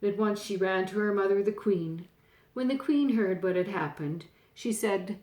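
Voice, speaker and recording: An older woman, a grandmother, reading a storybook aloud gently and pointing out the pictures. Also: mid-range voice, moderate pace, reverberant.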